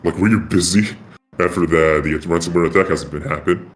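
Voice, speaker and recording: A man's voice: low voice, fairly quick, soft background music. A man talking through a voice changer as a caller in an online voice chat, rambling and repeating himself. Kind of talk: casual chat. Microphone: online voice chat mic.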